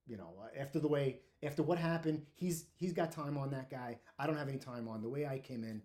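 A man telling his own firehouse story in a blunt, profane, animated way, full of restarts. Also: mid-range voice, brisk. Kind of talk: casual storytelling monologue.

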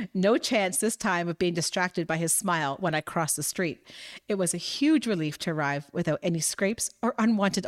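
Woman, fairly low voice, novel reading, dry close sound. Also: dry recording. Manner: reads with small slips and restarts. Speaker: audiobook reader. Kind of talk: first-person novel narration with dialogue.

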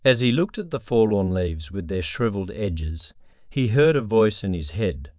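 A man narrating a scripted story in a solemn, measured way on a close mic. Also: lowish voice, lively intonation, a little mellow, no echo.

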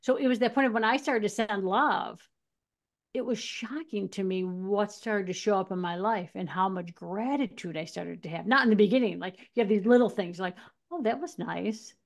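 A podcast co-host with a mid-range voice and moderate pace tells personal stories in casual conversation. She acts out quotes and laughs as she goes.

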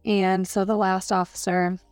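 Brief: woman podcast co-host, casual filler-heavy recap, mid-pitched voice, dry sound. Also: level tone, a little slow, darkish tone, clear, resonant tone, dry recording, soft background music. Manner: chatty, heavy use of "like". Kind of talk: casual book review chat.

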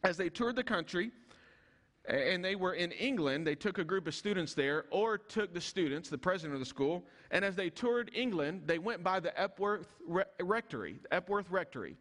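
A man preaching a sermon, reading scripture slowly and dropping low and soft when he prays. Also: animated. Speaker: pastor. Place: church sanctuary. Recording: long church hall reverb.

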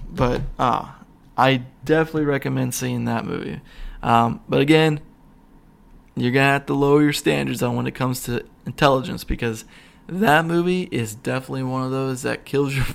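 A young man hosting his own podcast, rambling excitedly with lots of fillers and restarts. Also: mid-range voice, gravelly. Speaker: podcast host. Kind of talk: casual solo podcast rant. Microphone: single mic, podcast.

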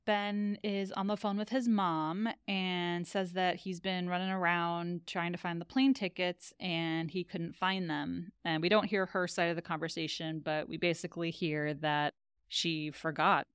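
A woman co-hosts a podcast, casually recapping a TV episode as a story and laughing often. Her voice sits on the low side with fairly even intonation, a measured pace, and a fairly bright, clear, resonant tone. The recording is clean studio sound with no room noise.

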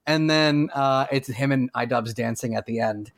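A man co-hosting a casual music podcast from a remote call, talking in an excitable, rambling and self-mocking way. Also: mid-range voice, normal speed, no room sound. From Canada. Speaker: podcast co-host. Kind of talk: casual chat. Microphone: remote call mic.

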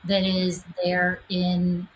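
A woman co-hosting a podcast, speaking in a heartfelt, grateful and somewhat halting way. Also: lowish voice, completely flat delivery, a little hiss or hum, low-quality recording. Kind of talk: podcast conversation.

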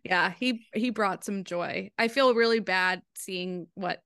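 A woman's voice: medium pitch, slow pace, fairly bright tone, smooth, dry recording, clean studio sound. A young adult woman co-hosting a podcast, chatting casually and giving strong opinions. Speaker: podcast co-host. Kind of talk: casual chat.

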